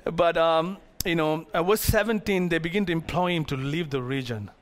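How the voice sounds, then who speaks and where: Pastor guy with a high voice, animated preaching, cracking jokes with the congregation. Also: moderate pace. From Malaysia. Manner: animated preaching, acting out Bible characters; playful asides to the congregation. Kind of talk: sermon.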